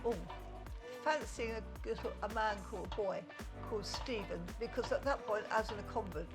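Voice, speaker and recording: A woman's voice: medium pitch, normal speed, music in the background. An older woman from London chatting fondly and teasingly while guiding a cooking session in a home kitchen, rambling into stories. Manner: fond, teasing, rambling storyteller. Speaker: cooking co-host and mother figure. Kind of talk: casual cooking chat.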